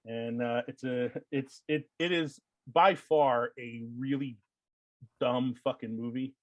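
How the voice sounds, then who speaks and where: A man's voice: mid-range voice, steady tone, slow pace, muffled recording. A man hosting a casual podcast chat, rambling with lots of fillers and frequent laughs. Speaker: podcast host.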